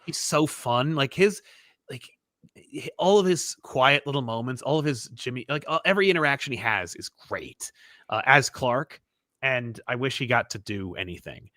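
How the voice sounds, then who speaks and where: Animated man chatting about comics. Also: medium pitch, normal speed, dry recording, clean studio sound. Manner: animated, restarts often, acts out quoted lines. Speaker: podcast host. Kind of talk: casual chat about comics.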